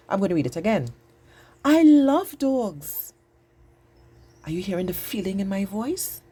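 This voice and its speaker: A woman teaching a patient, exaggerated grammar lesson to young children, speaking slowly and clearly. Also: lowish voice, warm tone.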